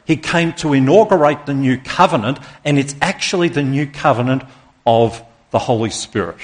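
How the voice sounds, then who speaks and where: A man's voice: medium pitch, normal speed. A man preaching a sermon as pastor to his congregation, earnest and emphatic, stopping to put questions to the listeners.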